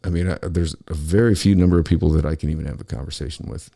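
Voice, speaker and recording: A man's voice: a bass voice, steady tone, rapid-fire, vocal fry, warm tone, husky. A man hosting his own show, delivering an angry, profane solo rant about politics. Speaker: podcast host.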